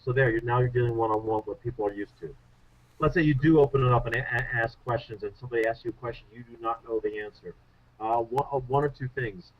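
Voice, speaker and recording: A man speaking as a guest on a radio interview, a public speaking coach telling stories in an animated, self-deprecating way. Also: medium pitch, fast talker. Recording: muffled radio show audio.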